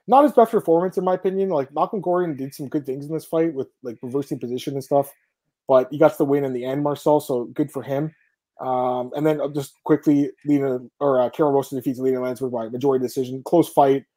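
Man, podcast host, fast casual chat, dark mellow tone. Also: mid-range voice, steady tone. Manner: quick, conversational, runs through fight results.

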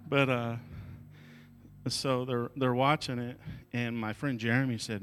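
A man's voice: mid-range voice, steady tone, slow pace, pauses often, fairly bright tone, slight background noise. A male pastor delivering a sermon at a church service, telling an emotional story and moving into fervent prayer.

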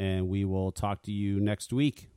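A man's voice: lowish voice, steady tone, unhurried, warm tone, clean tone. A man hosting a talk radio show, ranting casually with lots of swearing and stammered restarts. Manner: profane, stammering rants.

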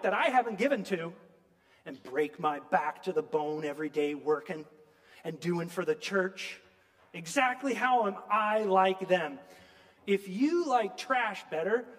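A man's voice: high voice, expressive, measured pace, fairly bright tone, long reverb tail. A man voicing a self-righteous, indignant woman who angrily argues with God. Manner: furious, growling complaint.

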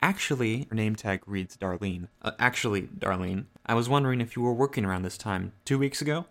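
A man's voice: lowish voice, brisk, close to an everyday voice. A man voicing a weary duck private eye. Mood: dry. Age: middle-aged. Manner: dry, wisecracking, deadpan. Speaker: private detective narrator. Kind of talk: hardboiled noir game narration.

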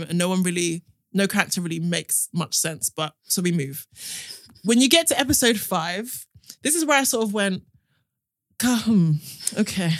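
A British woman hosting a podcast, telling stories and giving opinions in an animated, casual way. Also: medium pitch, no echo, studio quality. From United Kingdom. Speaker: podcast host.

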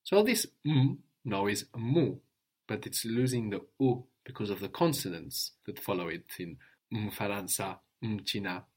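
A man teaching a language lesson, patiently drilling words, repeating a learner's answers slowly and praising them. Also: on the low side, husky.

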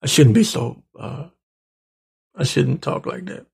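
Gravelly man in a profane rant. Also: mid-range voice, lively intonation, measured pace, a little mellow. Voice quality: gravelly, husky. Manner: angry, profane, ranting, rising to heated outbursts. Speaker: show host.

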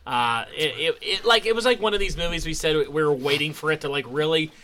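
A man hosting a casual podcast chat, animated and quick to laugh, acting out quotes. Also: a little high, slight background noise. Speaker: podcast host.

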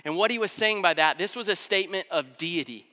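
A man with a high, bright and smooth voice preaching a sermon. He talks in an easy, conversational way, with casual fillers throughout. His voice carries a long reverb from a large hall. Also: a little fast.

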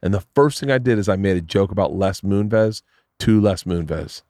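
A man hosting a podcast, telling long animated stories in casual chat, swearing freely. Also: deep voice, normal speed, no room sound, clean studio sound. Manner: animated, profane storyteller doing voices. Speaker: podcast host.

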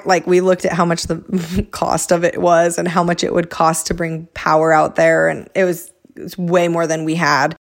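Chatty young woman telling a story. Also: lowish voice. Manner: chatty, filler-heavy, acts out quotes. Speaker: vlogger. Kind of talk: casual storytelling to camera.

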